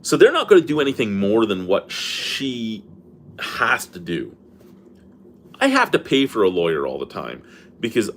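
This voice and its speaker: A man's voice: medium pitch, a little hiss or hum. A middle-aged man in an angry personal rant, swearing and exasperated as he vents. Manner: profane, exasperated, venting. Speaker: beer review vlogger.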